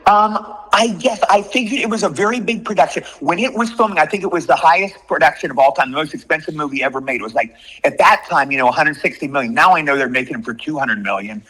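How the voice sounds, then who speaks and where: A man in his sixties rattles through his stories at a fast clip, circling back and repeating himself. His voice sits a little high, bright and husky. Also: low-quality recording. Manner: animated, repetitive storytelling. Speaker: guest actor. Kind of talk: storytelling in an interview.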